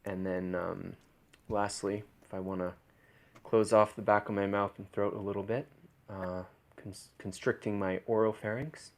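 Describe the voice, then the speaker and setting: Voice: sits low, steady tone, moderate pace. A young adult voice coach walking through a vocal technique demonstration, changing the voice from step to step. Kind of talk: instructional demonstration.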